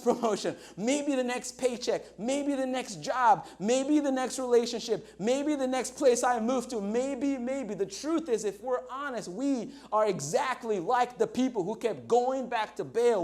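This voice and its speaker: A male pastor delivering a chatty, humorous sermon. His voice sits fairly high, and he keeps pulling the listeners in with quick asides. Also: darkish tone. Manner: conversational, humorous, frequent "right?" asides.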